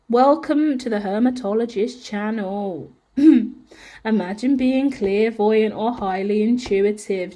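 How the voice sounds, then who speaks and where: A woman reads tarot for her viewers in a loose, chatty style, with slang and swearing throughout. Her voice sits a little high for a woman. She keeps checking in with "yeah?" and "right?" as she goes. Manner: chatty, slangy, swears freely, animated, often asks "yeah?". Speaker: tarot reader and channel host. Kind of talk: casual general tarot reading.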